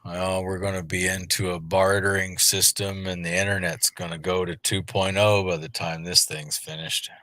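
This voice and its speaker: Low-voiced guy with a crisp bright edge, teasing and rambling on a stream. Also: flat delivery, moderate pace, hardly any pauses, no echo. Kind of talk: casual banter on a livestream.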